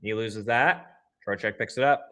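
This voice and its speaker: Speaking at a fairly low pitch, a young man runs a fan livestream with play-by-play of the game. He's partisan, and his flat calls swing quickly into loud outbursts at the refs.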